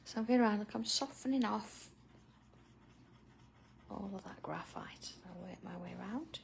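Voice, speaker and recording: A woman's voice: mid-range voice, normal speed, creaky, slight background noise. A middle-aged woman hosting a live drawing tutorial, chatting casually with viewers by name and laughing often. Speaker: art tutorial host.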